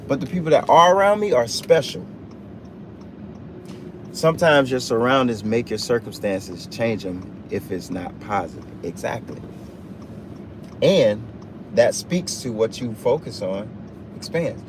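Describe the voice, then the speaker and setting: A man's voice: mid-range voice, big pitch swings, unhurried. A man giving an off-the-cuff motivational talk on a livestream, driving his points home with emphatic, repetitive phrasing. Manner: emphatic, repetitive preaching cadence. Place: inside a truck. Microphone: phone livestream. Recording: noisy vehicle cabin sound.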